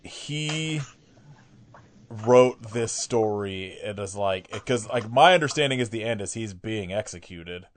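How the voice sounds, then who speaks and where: A man's voice: lowish voice, animated, slow, slight background noise. A man co-hosting a podcast in casual chat, bluntly giving his take and swearing freely. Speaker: podcast co-host.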